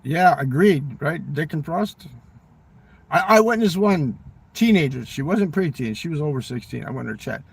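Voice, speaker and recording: Raspy, gravelly man ranting. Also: on the high side, expressive, normal speed, far from the mic. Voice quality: smoker's rasp. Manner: rambling, profane, ends phrases with "man". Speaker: vlogger. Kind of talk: casual political rant.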